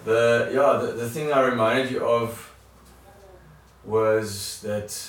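A man's voice: mid-range voice, steady tone, takes it slowly. A man sharing in a church study group, hesitant, often restarting and repeating words. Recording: very echoey room from far off.

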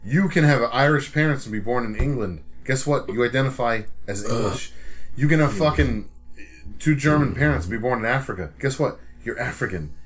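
Podcast dude ranting and cussing about stuff that bugs him, mid-pitched voice. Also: male voice, lively intonation, brisk. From Rhode Island, USA. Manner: profane, heated ranting. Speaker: podcast co-host. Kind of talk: casual ranting chat.

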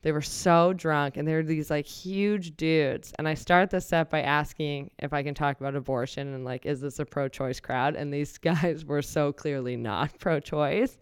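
A woman comedian tells a story in a lively, animated way and acts out the people in it. Her voice is smooth and very clear. The sound is dry and close. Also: low-pitched, no echo. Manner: animated, quick storyteller who acts out the people she quotes. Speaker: comedian guest. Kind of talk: casual storytelling.

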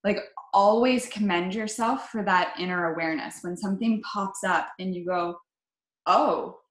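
A woman's voice: mid-range voice, moderate pace. Upbeat chatty woman, lots of "like", roomy echo on her mic. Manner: upbeat, chatty, many "like" fillers. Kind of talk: casual conversation.

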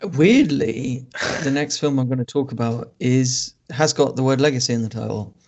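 Brief podcast co-host with a gravelly, creaky voice, relaxed and wry. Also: male voice, mid-range voice, normal speed, dull audio. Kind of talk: casual film review chat.

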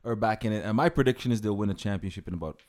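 A man co-hosting a podcast, calm and even-tempered in casual chat. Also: fairly low pitch, rapid-fire. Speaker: podcast co-host.

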